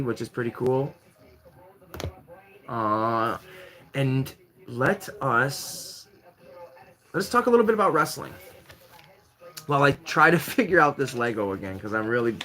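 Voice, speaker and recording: A man hosting a live-stream variety show, chatting casually and rambling with jokes while he fiddles with a Lego set. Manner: rambling, jokey, lively swings in pitch while building Lego.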